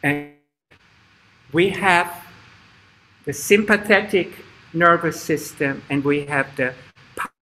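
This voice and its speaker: A man teaching a live online kids' yoga class over a video call, speaking in a slow, halting way with stops and restarts. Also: fairly high pitch, pushed and bright. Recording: echoey room, faint background noise.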